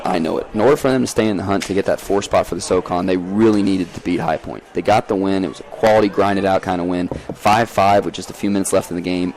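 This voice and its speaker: Fast-talking low-voiced man calling lacrosse. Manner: energetic, folksy, rapid play-calling. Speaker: lacrosse play-by-play commentator. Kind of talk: live sports commentary. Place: outdoor lacrosse game.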